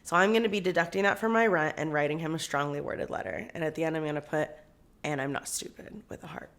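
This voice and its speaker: A woman's voice: low voice, steady tone, fast talker. A young woman co-hosting a podcast, telling a story in a casual chat, acting out quotes and laughing often. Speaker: podcast co-host.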